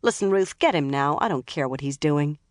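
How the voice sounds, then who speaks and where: A tough female police chief with a sharp, sarcastic bite, as the audiobook narrator puts her on. She snaps out impatient lines with a lift in pitch. The audiobook sound is dry and close. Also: lively intonation, normal speed, no room sound, natural voice.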